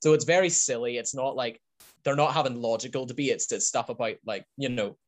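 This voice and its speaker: A man's voice: mid-range voice, fairly quick. Chatty, enthusiastic man hosting a podcast. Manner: enthusiastic, laughs often, rambling. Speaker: podcast host. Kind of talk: casual podcast chat.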